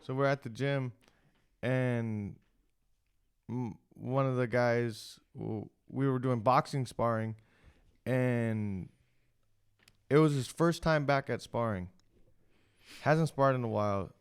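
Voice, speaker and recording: Male podcast co-host, smooth clear voice, rambling casual storyteller. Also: mid-range voice, slow pace, pauses often. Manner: rambling storyteller, many restarts and "like". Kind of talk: casual chat.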